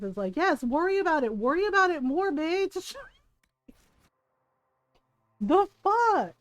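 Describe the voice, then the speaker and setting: A woman's voice: sits high, very animated, takes it slowly, long pauses, dry recording, dull audio, soft background music. A woman streamer giving casual, profane, mock-outraged commentary while playing a video game.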